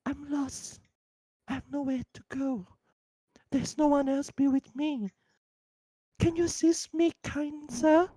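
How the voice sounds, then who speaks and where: A woman's voice: high-pitched, level tone, slow pace, pauses often, dark tone, no echo, pitched above the performer's own voice. A woman voicing a frightened little boy who is lost in a sewer and pleading for help. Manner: pleading, panicky cries for help.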